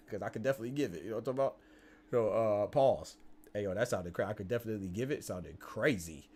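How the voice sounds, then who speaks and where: A man's voice: lowish voice, darkish tone, husky. A man hosting a live boxing stream, chatting casually and asking viewers whether they follow him. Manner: chatty, tag questions, quick restarts.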